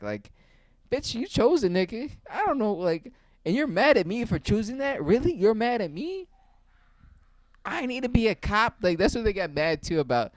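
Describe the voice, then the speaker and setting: A man's voice: high-pitched, sing-song, normal speed, no echo. A young man giving ranting commentary, profane and heated, firing off rhetorical questions. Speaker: online commentator.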